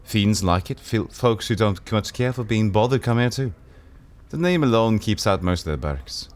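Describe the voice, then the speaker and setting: A man's voice: fairly low pitch, animated, normal speed, close to an everyday voice. A man voicing a despairing, sardonic aging woman who turns frantic and pleading, read from a game. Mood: weary sardonic. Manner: wistful, then frantic and pleading.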